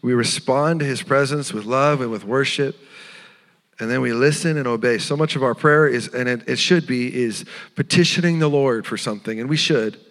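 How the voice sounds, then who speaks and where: A man preaching a sermon as pastor, earnest and tender, sometimes dropping to a hushed voice. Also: medium pitch, moderate pace, big-room sound. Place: church sanctuary.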